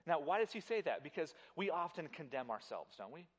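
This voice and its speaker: A man preaching to a congregation in an emphatic, animated way, often doubling his words as he speaks directly to the room. His voice sits a little higher than most men's. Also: fairly quick, breathy edge. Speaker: pastor. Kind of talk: sermon.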